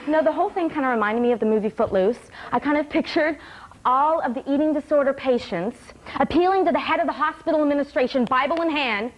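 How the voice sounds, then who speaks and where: A woman's voice: high-pitched, fast, rough recording. Wry woman doing stand-up on stage. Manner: wry, laughs between lines. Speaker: comedian. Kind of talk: stand-up one-woman show. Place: small theater stage.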